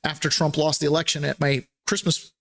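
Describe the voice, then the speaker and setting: A man's voice: fairly high pitch, little pitch movement, fairly quick, a bit bright. A man hosting a casual political talk podcast, chatty and rambling, laughing between points. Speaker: podcast host.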